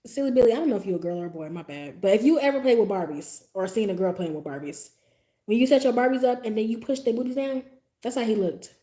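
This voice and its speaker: Profane, animated woman telling a story. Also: fairly high pitch, fast talker. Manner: animated, profane, acts out her own reactions; talks straight to her viewers with frequent asides. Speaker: livestream host telling a story. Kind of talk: casual storytime monologue. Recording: roomy echo.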